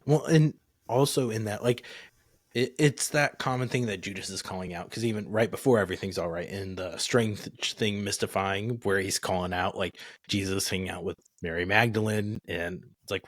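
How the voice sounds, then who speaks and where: A man with a lowish voice chats on a podcast, thinking aloud in a relaxed, filler-heavy way. The sound is dry and close-miked, with no room echo. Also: moderate pace. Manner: conversational, filler-heavy with many "like"s. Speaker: podcast co-host. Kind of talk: casual podcast discussion.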